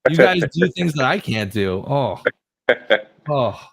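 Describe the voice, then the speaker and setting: A man in his forties, a podcast guest, chatting in an excitable, effusive way and swearing freely. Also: medium pitch, slow pace, creaky, slightly rough. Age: 40s. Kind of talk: casual chat.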